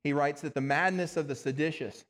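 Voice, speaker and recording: A man's voice: on the high side, fairly even intonation, a little fast, a bit bright. A man preaching a sermon in an earnest, plain-spoken way, sometimes stumbling over words and restarting them. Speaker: pastor. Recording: long reverb of a large hall.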